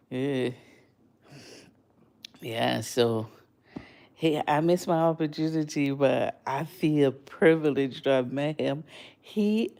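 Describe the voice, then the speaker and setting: An older woman from Jamaica telling a story to her livestream viewers in a casual, animated way, her voice jumping high when she is surprised. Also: slow pace, vocal fry, long pauses. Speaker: livestream host.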